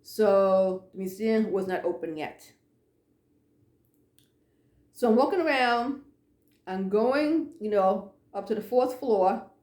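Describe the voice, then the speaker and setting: A woman telling a ghost story in a casual, animated way, acting out the dialogue and sometimes dropping to a hush. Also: medium pitch, takes it slowly, long pauses, roomy sound. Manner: animated, acts out dialogue, drops to hushed tones.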